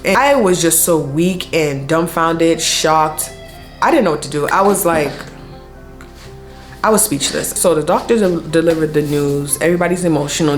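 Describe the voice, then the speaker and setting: Low-voiced woman telling a story. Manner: casual, animated storytelling with slang and fillers. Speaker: vlogger. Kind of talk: storytime vlog.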